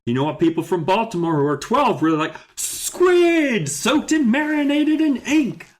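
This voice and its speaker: Dude doing a high squeaky goofy helper guy, whiny and eager, loud. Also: moderate pace. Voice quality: high, excitable put-on voice. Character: Alex, eager young male assistant on a boat.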